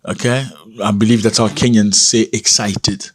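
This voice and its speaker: A man hosting a casual commentary video, talking in an animated, emphatic way and jumping up in pitch to stress his points; English is not his first language. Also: moderate pace, husky. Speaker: commentary channel host.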